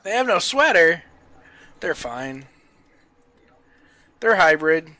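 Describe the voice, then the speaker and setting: A male streamer talks through his farming game in an easygoing, chatty way. His voice sits a bit high and comes across bright and forward. Now and then he puts on a loud showman greeting for his viewers. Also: sing-song, takes it slowly, no echo. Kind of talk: casual gameplay chat.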